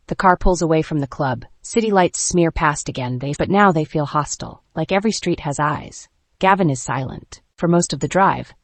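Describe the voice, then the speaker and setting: A woman narrating a first-person dark romance audiobook in a measured, tense way. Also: deep voice, no echo.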